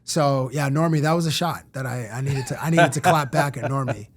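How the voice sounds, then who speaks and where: A middle-aged man from Canada, a sports TV personality, telling lively stories as a guest in a casual interview and acting out what people said. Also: mid-range voice, fairly quick. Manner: animated storyteller who acts out quotes.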